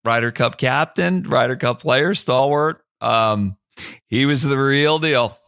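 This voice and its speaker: A man's voice: slow pace, creaky, smooth, no room sound, clean studio sound. A man in his fifties from the Philadelphia area, telling stories as a podcast guest and acting out the people he quotes. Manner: animated storyteller who acts out quoted lines with big pitch jumps. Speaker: guest, former college golfer and broadcaster. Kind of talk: casual storytelling in a podcast interview.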